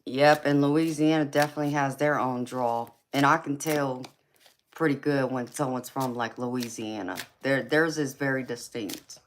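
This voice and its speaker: Deep-voiced Southern woman chatting live. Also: normal speed, a little hiss or hum. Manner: laid-back, giggly, calls viewers baby and honey. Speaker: tarot reader and livestream host. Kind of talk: casual live-stream chat reading viewer comments.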